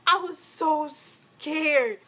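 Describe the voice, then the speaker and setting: A woman's voice: sits high, extremely slow. A young woman from Africa, a vlogger telling a storytime tale, acting out the quotes as she goes. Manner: animated, acts out every quote. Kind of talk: storytime vlog.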